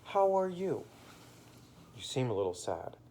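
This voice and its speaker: A man voicing a kind, gentle old gentleman who speaks in a friendly, comforting, slightly sing-song way in an improvised bedtime story. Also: mid-range voice, big pitch swings, measured pace, a little hiss or hum.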